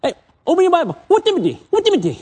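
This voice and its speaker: A man voicing a zealous young Malaysian man who shouts excitedly in a Malaysian English accent. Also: extremely high pitch, very fast, pitched above the performer's own voice, exaggerated voice. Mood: eager. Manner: shouting, fired-up.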